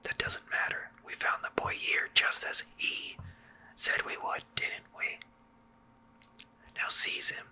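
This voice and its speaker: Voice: slow pace, pauses often, sharp tone. A streamer reading a stern male knight's commands in whispered role-play. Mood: commanding. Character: stern male knight leading a capture squad.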